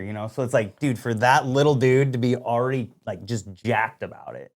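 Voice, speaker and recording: Casual male podcast co-host, lively storyteller who acts out what people said. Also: medium pitch, fairly quick. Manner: animated storyteller, lots of "like" and quoted dialogue. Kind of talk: casual hunting story chat.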